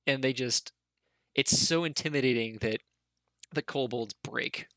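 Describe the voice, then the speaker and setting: A man's voice: mid-range voice, measured pace, pushed and bright, no room sound. A man running a tabletop game as game master, narrating in a loose, rambling way full of filler words.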